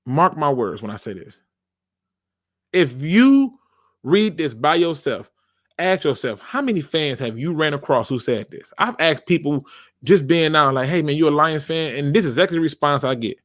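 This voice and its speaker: A man's voice: fairly high pitch, lively intonation, moderate pace, no room sound, clean studio sound. A man hosting a football fan channel, talking in a casual commentary rant, emphatic and informal, repeating his phrases for effect.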